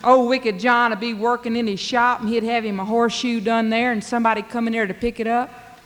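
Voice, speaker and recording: A woman's voice: fairly high pitch, steady tone, brisk, a little hiss or hum. A woman telling a folk tale in a drawling, dialect-rich way. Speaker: storyteller. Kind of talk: folk storytelling performance. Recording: long hall reverb.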